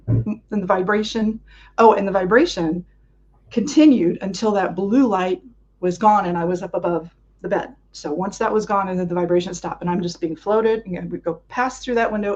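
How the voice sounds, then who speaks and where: Woman guest, mid-pitched voice, vivid storyteller who acts out her past thoughts; muffled lo-fi recording. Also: darkish tone. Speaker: interview guest. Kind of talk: recounting a personal experience in an interview. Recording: dull lo-fi sound.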